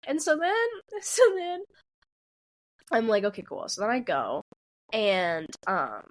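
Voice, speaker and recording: A woman in her twenties co-hosting a podcast, telling a story in a casual, animated way, often laughing and acting out the people in it. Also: medium pitch, slow pace, long pauses. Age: 20s. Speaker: podcast co-host.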